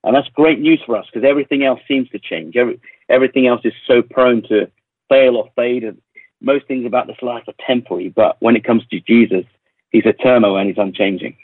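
Husky London man on a phone line. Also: medium pitch, a little fast, dry recording. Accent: London English. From England. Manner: reflective, with frequent ums and repeated words. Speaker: worship leader and recording artist. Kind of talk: radio interview.

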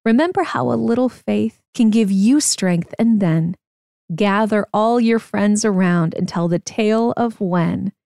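Woman slowly reading a rhyming storybook. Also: medium pitch, vocal fry, dark tone, no room sound, studio quality. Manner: slow, rhythmic rhyming narration. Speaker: parent reading to her children. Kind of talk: storybook read-aloud.

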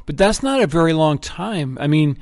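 Brief: male pastor-host, encouraging interviewer, slightly high voice, dry close sound. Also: expressive, normal speed, darkish tone, dry recording. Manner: brief encouraging responses and questions. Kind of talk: conversational interview.

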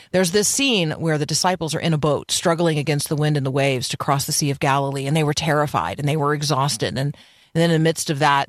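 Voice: medium pitch, dry recording. Earnest radio devotional host, dry studio sound. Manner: earnest preaching with rhetorical questions.

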